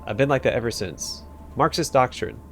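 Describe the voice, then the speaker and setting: A man's voice: medium pitch, animated, a little fast, creaky, a little hiss or hum. A man voicing a jumpy clerk who blurts out slogans. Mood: twitchy. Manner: bursts out with shouted word lists, then apologizes.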